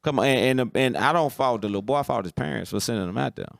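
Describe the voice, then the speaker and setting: A man's voice: medium pitch, fast, gravelly. A man hosts a casual football talk stream, blunt and opinionated. His voice sits mid-range. The recording is dry, with no room echo. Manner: blunt, opinionated, keeps asking "you understand?". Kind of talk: casual sports commentary.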